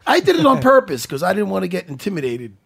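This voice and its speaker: A man hosting a sports talk show, chatting casually and excitably, laughing often. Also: fast talker, gravelly, crowd noise. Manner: excitable, laughs often, animated swings in pitch. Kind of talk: casual studio banter.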